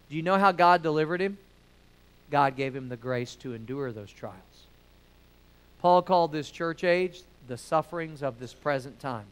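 A middle-aged pastor preaching a sermon in a folksy, storytelling way. His voice sits high for a man and rings clear and smooth. He pushes key words loudly, then drops to quiet asides. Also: low-quality recording.

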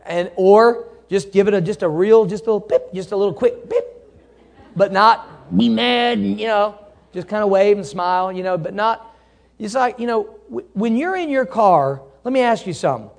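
A man, a pastor preaching a sermon in a folksy, animated way, laughing at himself and acting out angry drivers. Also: high voice, moderate pace, gravelly.

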